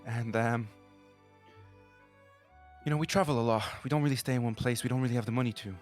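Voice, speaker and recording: A man's voice: medium pitch, brisk, darkish tone, faint music behind, natural voice. A man voicing a desperate young woman who lost her sister, speaking hesitantly with many restarts. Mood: grieving.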